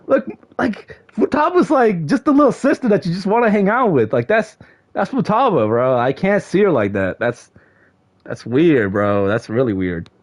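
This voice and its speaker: A young man streaming casually to his viewers, excitable, often shouting in mock frustration and peppering his talk with slang. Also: on the high side, moderate pace. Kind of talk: casual livestream chat to viewers.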